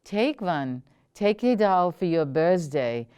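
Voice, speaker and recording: Woman putting on a gravelly old German lady. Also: fairly low pitch, animated, very slow, a little mellow. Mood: kindly. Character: gruff older German woman neighbor, moody.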